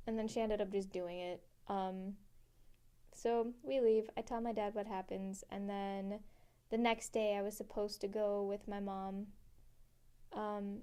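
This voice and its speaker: A woman's voice: medium pitch, level tone, unhurried, warm tone, smooth. A young woman telling a personal story in a casual, rambling way, full of fillers and freely swearing. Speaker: interviewee.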